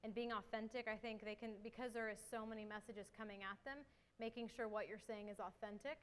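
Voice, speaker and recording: A young woman giving an energetic conference talk and answering questions, a little out of breath. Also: a little high, fast, clear, resonant tone. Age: young adult. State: slightly out of breath. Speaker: marketing executive speaker.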